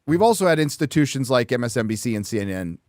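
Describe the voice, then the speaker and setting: A man's voice: medium pitch, sing-song, fast, darkish tone, dry recording, clean studio sound. A man hosting a casual chat podcast, speaking bluntly and emphatically and swearing freely. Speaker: podcast host.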